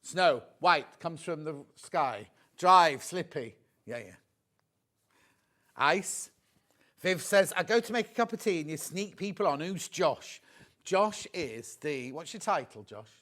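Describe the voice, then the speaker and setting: A man presenting a live TV shopping demo, chatty and excitable, gushing over the products and chatting with viewers and crew. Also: a little high, slow.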